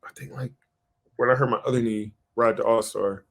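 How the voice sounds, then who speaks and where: A young man co-hosting a podcast, telling a story in casual chat, animated and swearing freely as he acts out what he said back then. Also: medium pitch, fairly quick, gravelly. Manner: animated, swears a lot, acts out his own past lines. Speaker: podcast co-host.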